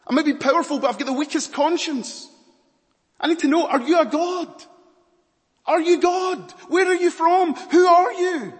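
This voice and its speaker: Guy preaching as a frantic roman governor yelling questions, way high and loud, big hall echo. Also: very animated, moderate pace. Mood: desperate. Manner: desperate, pleading questions, shouted. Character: anguished, shouting Roman governor, man, tormented conscience.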